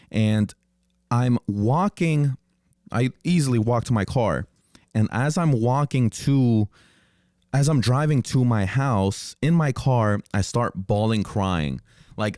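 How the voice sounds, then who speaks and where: A man's voice: medium pitch, darkish tone, clean tone, no echo, clean studio sound. A young man hosting a podcast, telling a personal story in a casual, rambling way with frequent swearing and restarts. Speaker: podcast host.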